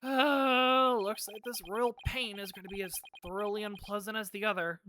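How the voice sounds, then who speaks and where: Sarcastic bright-voiced woman streamer. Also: medium pitch, normal speed, slight background noise. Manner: animated, sarcastic, laughs often. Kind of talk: game stream commentary.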